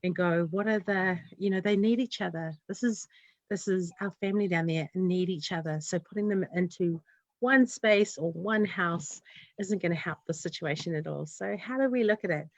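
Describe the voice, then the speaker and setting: A woman's voice: fairly low pitch, normal speed, dry recording, highs cut off. A woman, a community developer talking in an earnest, heartfelt way in an interview. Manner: earnest, heartfelt, rambling run-on thoughts. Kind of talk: casual interview chat.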